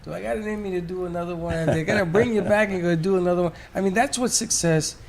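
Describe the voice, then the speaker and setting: A man's voice: sits high, fast talker, gravelly, a little hiss or hum. A man co-hosting an interview, effusive and admiring. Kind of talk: interview chat.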